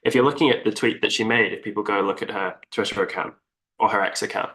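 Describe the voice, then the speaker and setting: A man's voice: lowish voice, quick pace, sharp tone. A male co-host of a casual political discussion, explaining his argument at length. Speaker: podcast co-host.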